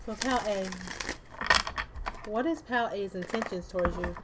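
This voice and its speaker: A woman's voice: mid-range voice, a little slow, very noisy. A woman doing a casual tarot reading to camera, chatty and loose, with slang, swearing and laughing asides. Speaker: tarot card reader.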